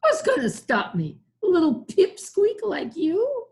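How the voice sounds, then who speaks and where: A woman reading a storybook aloud, voicing a clever, bold young man who speaks calmly and slyly. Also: very high voice, unhurried, pitched above the performer's own voice, exaggerated voice. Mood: daring. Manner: calm, sly and confident.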